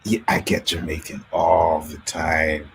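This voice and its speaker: Low-voiced Canadian male host, animated casual storyteller. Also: measured pace, gravelly, a little hiss or hum, poor audio. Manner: animated storytelling, acts out quotes, laughs often. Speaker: podcast host. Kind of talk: casual chat.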